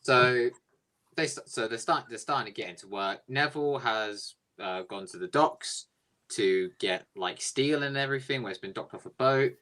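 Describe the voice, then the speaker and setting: A man's voice: medium pitch, normal speed, pushed and bright. A man casually improvising a jokey story, rambling and swearing freely.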